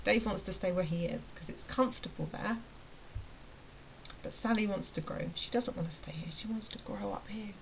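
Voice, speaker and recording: A woman's voice: mid-range voice, moderate pace, gravelly, slight background noise, low-quality recording. A woman running a motivational rant to camera, chatty and emphatic, sometimes dropping to a near-whisper. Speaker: vlogger and web design coach.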